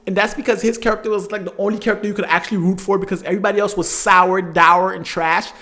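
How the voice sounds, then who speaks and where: Exasperated high-voiced man ranting a review. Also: steady tone, quick pace. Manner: exasperated, sarcastic, swings between loud outbursts and muttered asides. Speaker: movie review host.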